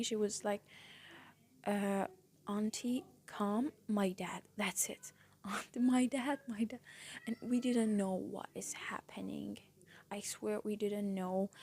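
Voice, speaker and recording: Slow, breathy young woman, tearful. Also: mid-range voice. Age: young adult. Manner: soft, halting, often drops to a whisper. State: tearful, voice breaking. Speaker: vlogger. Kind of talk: personal storytelling to camera.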